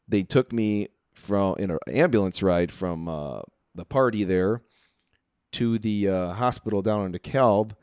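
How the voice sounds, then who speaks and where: A low-voiced man spins a wild story in a relaxed chat, chuckling often and sprinkling in "dude" and "like". The sound is close and dry with no room around it. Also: clean tone, no room sound, lo-fi sound. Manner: animated storyteller, laughs often, says "dude" and "like". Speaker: guest telling a story. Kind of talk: casual chat.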